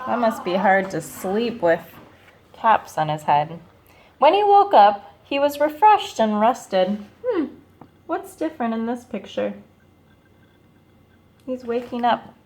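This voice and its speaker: A woman teacher reading a picture book aloud to children, slow and expressive, stopping to ask them questions. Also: on the high side.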